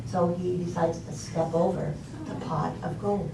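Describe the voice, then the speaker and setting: A woman's voice: fairly low pitch, level tone, measured pace, gravelly, warm tone, a little hiss or hum. Older woman, inspirational talk, conversational, roomy, distant mic. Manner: conversational with fillers, laughs, emphatic repetition. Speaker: speaker.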